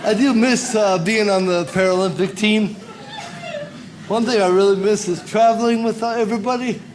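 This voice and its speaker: A high-voiced male comedian tells a story in a halting way, pausing often. The live club recording picks up crowd sound and background noise. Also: steady tone. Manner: halting, with many uh pauses. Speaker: stand-up comedian. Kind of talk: stand-up set.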